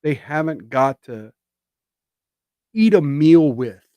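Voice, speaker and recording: A man's voice: a little high, expressive, slow pace, mellow, no echo. Sarcastic, emphatic male streamer. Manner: sarcastic, emphatic, rising to indignant jabs. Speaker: streamer and commentator. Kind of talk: political commentary rant.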